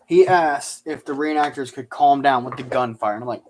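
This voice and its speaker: A man's voice: mid-range voice, normal speed. A man chatting casually on a live stream, answering viewer questions and telling rambling, sarcastic stories.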